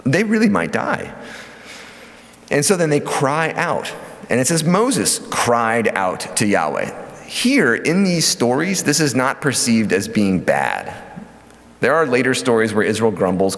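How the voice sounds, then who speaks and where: A man giving a church lecture on scripture, lively and conversational with many fillers and asides. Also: lowish voice. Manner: lively teaching with fillers and acted quotes. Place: church hall. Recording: hall reverb.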